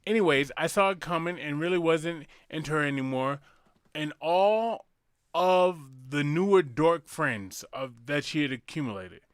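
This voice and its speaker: A man's voice: a little high, a bit bright, no echo, clean studio sound. A man co-hosting a podcast, reading listener letters aloud and riffing on them with crude, profane, teasing banter. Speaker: podcast co-host.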